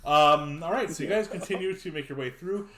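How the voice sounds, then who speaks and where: A man's voice: fairly high pitch, fairly quick, fairly bright tone, echoey room. Laid-back man running a tabletop game. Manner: laid-back, filler-heavy narration. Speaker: game master.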